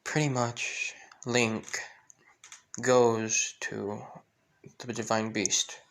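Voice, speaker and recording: A man narrates a fan story in a rambling way, filling gaps with "pretty much" and restarts. His voice stays flat and level at a middle pitch. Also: very slow. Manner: rambling, full of fillers.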